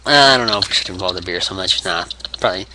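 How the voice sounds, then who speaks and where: A man's voice: low-pitched, quick pace. A man talking casually in a vlog, rambling through a play-by-play with many restarts and fillers. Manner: rambling, full of restarts and acted grunts. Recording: steady background hiss.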